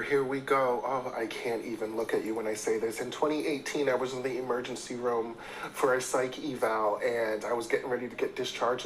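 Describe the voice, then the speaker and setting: A man's voice: medium pitch, a little hiss or hum, rough recording. A man telling a funny story in a short social video, dramatic and exasperated. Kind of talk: storytelling clip.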